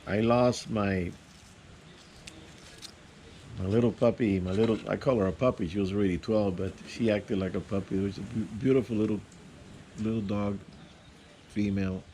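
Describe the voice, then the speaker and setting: Man, low mellow voice, casual vlogger telling a rambling personal story with restarts, faint room ambience behind. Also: steady tone, slight background noise. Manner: rambling, halting, many restarts and fillers.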